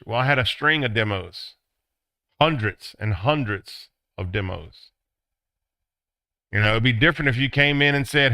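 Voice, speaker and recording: A middle-aged man teaching a business class, acting out excited quotes in a high voice. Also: unhurried, pauses often, clear, resonant tone, dry recording. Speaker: business instructor. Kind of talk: classroom lecture.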